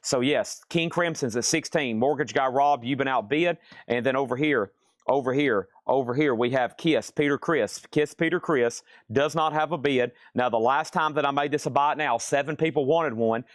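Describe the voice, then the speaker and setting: A man's voice: medium pitch, moderate pace, no echo, studio quality. Chatty man running a live record auction. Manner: chatty and joking, rambling between prices. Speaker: live-stream vinyl record seller. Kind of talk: live auction sales patter. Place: record store.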